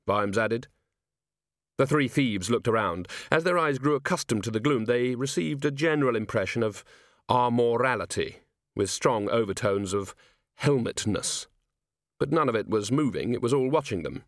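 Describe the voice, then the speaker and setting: Male audiobook narrator, wry and measured, lively pitch, dry close sound. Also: dry recording. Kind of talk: scripted narration.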